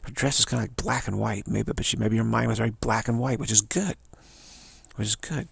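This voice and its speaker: Older guy rambling to camera, super gravelly husky voice, dry close sound. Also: on the low side, steady tone, fairly quick, fairly bright tone, no echo. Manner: musing, stammering repeats, tag questions. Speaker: vlogger. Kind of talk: rambling spoken monologue.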